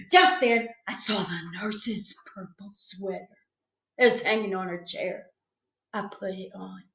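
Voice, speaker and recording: A woman's voice: mid-range voice, slow, pauses often, a bit bright. A woman reading a children's book aloud with a playful storytelling manner. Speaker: storytime reader. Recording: echoey room, slightly dull sound.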